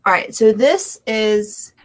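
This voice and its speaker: A woman co-hosting a live web show, teasing her partner with quick retorts in casual banter. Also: medium pitch, animated. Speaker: co-host.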